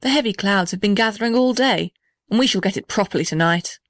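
A woman voicing a big old male gum tree in a storybook, speaking gravely and knowingly. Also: medium pitch, quick pace, no echo, studio quality, close to an everyday voice. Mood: declaring. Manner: grave, declaring.

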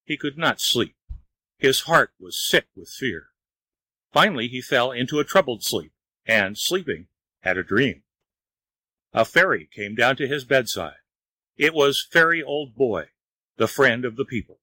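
A man narrating a storybook tale in a measured, even reading voice. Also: mid-range voice, breathy edge, dry recording, poor audio.

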